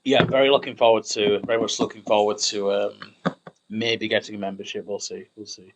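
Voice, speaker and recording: A man's voice: fairly low pitch, flat delivery, fairly quick, background noise. A young man rambling through casual gameplay commentary, chatty and self-mocking.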